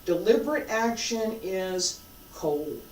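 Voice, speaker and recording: A martial arts instructor teaching a live class, emphatic and repetitive, swinging between loud and hushed. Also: medium pitch, animated, slow pace, slight background noise. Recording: roomy sound from a distant mic.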